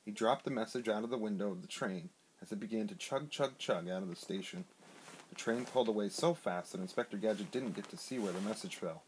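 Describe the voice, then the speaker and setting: A man reading a picture book aloud to his son in a lively, expressive way, recorded on a handheld iPad. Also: fairly low pitch, a little fast, a little hiss or hum, poor audio. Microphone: iPad held in hand.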